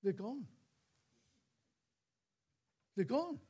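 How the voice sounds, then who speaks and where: A man's voice: very high voice, expressive, extremely slow, warm tone, husky, muffled recording. A man, older, preaching a sermon in a church, telling stories with dramatic repeats and calls of praise.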